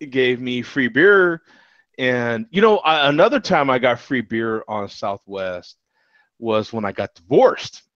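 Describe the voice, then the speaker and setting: A middle-aged man telling a story in casual chat. He is animated, laughs a lot and keeps asking "you know what I'm saying" over a video call. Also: medium pitch, a little slow, no room sound. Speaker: regular panelist. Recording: dull lo-fi video call audio.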